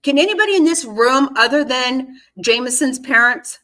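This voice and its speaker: A woman's voice: high-pitched, lively intonation, moderate pace, sharp tone. A woman giving casual reaction commentary on a court case, indignant and swearing freely as she talks back at the screen. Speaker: true-crime commentary host.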